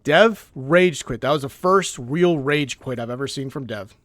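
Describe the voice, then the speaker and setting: A man's voice: mid-range voice, measured pace, dry recording. Man telling a gaming story in a dry room. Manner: animated storytelling with restarts. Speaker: co-host. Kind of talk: casual gaming podcast chat.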